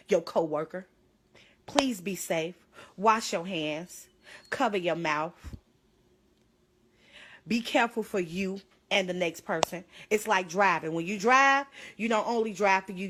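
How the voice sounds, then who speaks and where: A young woman pleading urgently into her phone on a livestream, holding back tears. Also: lowish voice. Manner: urgent, pleading, tearful at times. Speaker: livestreamer sharing her own illness.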